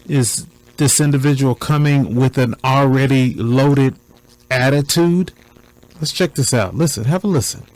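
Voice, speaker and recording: A man with a mid-range voice talks through a recording point by point. His delivery is deliberate and preacher-like, with repeated phrases for emphasis. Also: medium pitch, darkish tone, low-quality recording. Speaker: commentator. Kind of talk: commentary on a recording.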